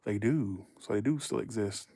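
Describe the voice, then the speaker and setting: A man in his thirties chatting casually to viewers as a livestream host, rambling through stories and jumping into animated quoted voices. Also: fairly low pitch, normal speed, vocal fry, breathy edge, no echo, studio quality.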